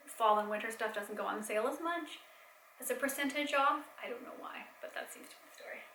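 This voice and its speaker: A young adult woman chatting casually in a home vlog, rambling with fillers and soft laughs, a bit tired. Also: medium pitch, reverberant, slight background noise, poor audio. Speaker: vlogger and mom. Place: home, indoors.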